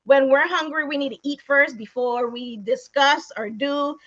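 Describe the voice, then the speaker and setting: Woman guest, high and bright, laughing often, explains in lists; dull lo-fi recording. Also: a little slow. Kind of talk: casual chat. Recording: dull lo-fi sound.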